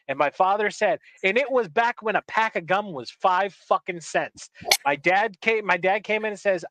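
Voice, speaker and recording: A man's voice: sits high, expressive, moderate pace, a bit bright, dry recording. A man co-hosting a casual podcast chat, telling stories in a profane, joking way. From Upper Peninsula of Michigan. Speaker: podcast producer and co-host.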